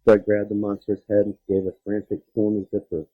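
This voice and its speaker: A man reading a children's scary story aloud, dramatic, dropping low and quiet for suspense. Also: monotone, fast talker, breathy edge, phone-quality sound. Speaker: story reader.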